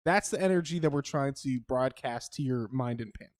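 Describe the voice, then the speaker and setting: A man's voice: mid-range voice, normal speed, a little mellow, no echo, clean studio sound. A young man co-hosting a casual podcast, slangy and joking, with lots of fillers. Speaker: podcast co-host.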